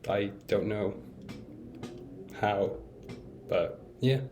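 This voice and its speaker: A young man with a slightly low voice rambles candidly to camera in a casual vlog. He restarts sentences often, leans on fillers, and teases himself as he talks. A faint room noise sits behind him. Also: very slow, darkish tone. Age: young adult. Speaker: vlogger.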